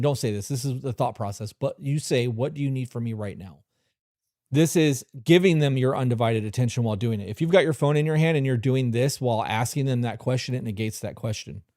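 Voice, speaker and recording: A man's voice: mid-range voice, darkish tone, no echo, studio quality. A man hosting a live stream, giving blunt, profane relationship advice and answering chat questions directly. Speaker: host.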